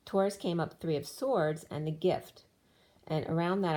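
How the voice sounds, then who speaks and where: A woman's voice: low voice, normal speed, darkish tone. A woman doing a tarot card reading, rambling through the cards with restarts, her voice worn as she loses it. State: losing her voice. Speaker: tarot reader.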